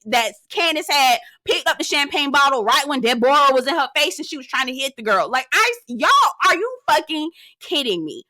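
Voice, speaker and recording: A woman's voice: high voice, pushed and bright, no echo, clean studio sound. A woman giving a sassy, profane rant while recapping a reality TV episode, talking emphatically and mimicking the cast members. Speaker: reality TV reviewer.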